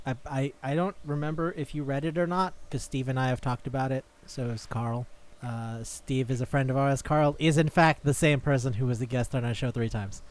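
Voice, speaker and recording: A man's voice: mid-range voice, fairly even intonation, fairly quick. A man co-hosting a podcast, chatting casually in a rambling way, swearing and laughing easily. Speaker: podcast co-host. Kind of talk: casual chat.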